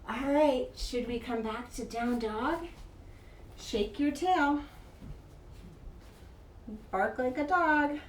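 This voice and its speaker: A woman with a high, unhurried voice leads a kids' yoga class, gently cheering a child on from pose to pose. She sounds a little far from the mic in an echoey studio, with faint room hum behind her. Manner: gentle, encouraging, playful with a child. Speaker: yoga teacher.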